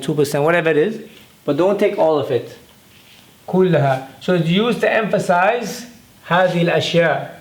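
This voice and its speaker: A man teaching a grammar lesson in a patient way, often repeating words and checking in with "okay?". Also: fairly high pitch. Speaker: Arabic teacher. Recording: echoey room.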